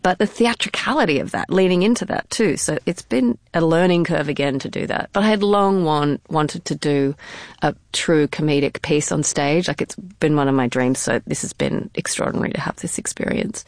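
Low, gravelly-voiced woman actor, laughing often. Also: normal speed, no echo, studio quality. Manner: animated, laughs often, restarts phrases. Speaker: stage and film actor, interview guest. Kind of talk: conversational interview.

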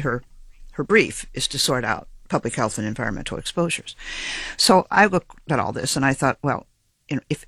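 A geneticist in an interview, a man explaining his research with measured, precise academic phrasing and the odd small restart. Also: fairly high pitch, fairly bright tone, dry recording.

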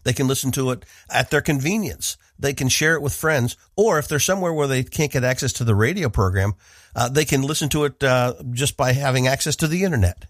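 A man from the northeastern United States teaches a scripted devotional, his delivery measured and earnest, pressing on the words that matter. His voice sits at an ordinary pitch. The recording is dry and close, with no room sound around him. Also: no echo. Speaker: radio Bible teacher and host.

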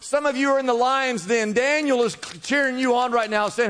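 A man preaching a sermon with a high, bright voice. His delivery swells with fervor and repeated calls to keep going. The sound carries a long reverb from a large church hall. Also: brisk, hardly any pauses. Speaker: pastor.

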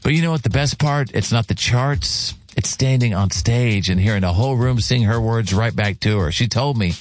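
A man's voice: lowish voice, fairly quick, hardly any pauses, soft background music. Upbeat man hosting a radio chart countdown. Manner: upbeat and conversational.

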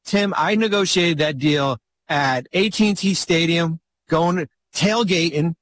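Rambling, animated male storyteller. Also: measured pace, no echo. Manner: rambling, animated storyteller with sudden pitch jumps. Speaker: former basketball team executive. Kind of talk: casual storytelling chat.

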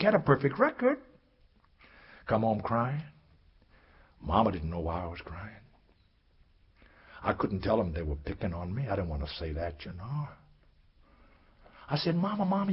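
A male storyteller with a very husky voice, performing in a rhythmic, rhyming, singsong way and calling out to his listeners. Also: on the low side. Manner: singsong, rhyming, calls out to the audience. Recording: dull lo-fi recording.

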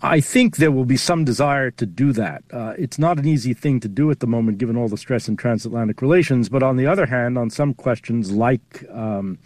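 A man speaking as a policy analyst guest in a remote news interview, giving measured, careful answers. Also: mid-range voice, a little mellow, no room sound. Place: remote studio link.

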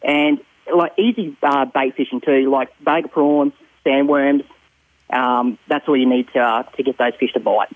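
A man's voice: medium pitch, moderate pace, no room sound. Australian man on a tinny phone line. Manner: relaxed, rambling with many ums and uhs. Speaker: fishing report caller. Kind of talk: casual radio phone chat.

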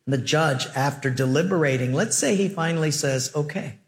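A male preacher at a middle pitch delivers a sermon full of stories. He is animated and jokey, acting out the back-and-forth dialogue himself. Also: brisk. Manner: animated, joking, acts out dialogue. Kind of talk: sermon with storytelling.

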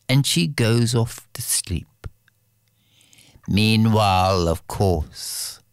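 A woman telling a fairy tale aloud in a slow, dramatic way, speaking directly to her listeners. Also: very deep voice, dry recording, studio quality. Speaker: storyteller. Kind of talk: oral fairy-tale storytelling.

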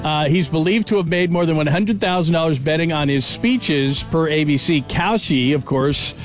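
A man hosting a sports radio show, excitable and full of big praise. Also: fairly high pitch, normal speed, soft background music.

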